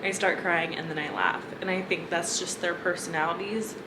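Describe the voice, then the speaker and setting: A young woman chatting casually in a reading vlog, gushing and emotional about a book, quick to laugh. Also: fairly low pitch, fairly even intonation. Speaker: book vlogger. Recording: echoey room with background noise.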